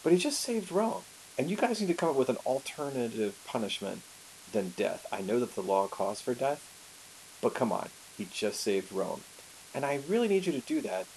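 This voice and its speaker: A man gives voice to a blunt, domineering Roman king who hands out orders in a casual, offhand tone. The pitch sits mid-range for a man, with a faint hiss behind. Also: very animated, normal speed, gravelly, a little mellow, low-quality recording. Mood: bossy.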